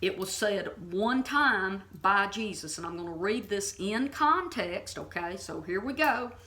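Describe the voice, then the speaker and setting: Woman, Bible teacher, bright forceful voice, blunt, emphatic, informal teaching. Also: medium pitch, expressive, unhurried. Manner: blunt and emphatic, keeps checking in with "okay?".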